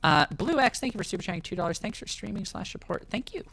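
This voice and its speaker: A man streaming and reacting live, loud and profane, talking to chat over glitchy pitch-shifted audio. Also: animated, quick pace, vocal fry, breathy edge, low-quality recording.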